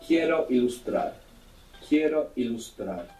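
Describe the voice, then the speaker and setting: A man's voice: mid-range voice, lively intonation, a little slow, warm tone, soft background music. Distant echoey male language teacher. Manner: patient, prompting questions and confirming answers. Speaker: language teacher on a recorded audio course. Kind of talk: recorded language lesson.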